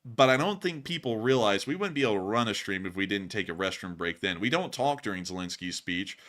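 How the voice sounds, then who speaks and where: A man's voice: fairly low pitch, brisk. A man hosting a nightly news livestream, chatting casually, rambling and breaking into laughter. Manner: laughs often, rambling and excitable.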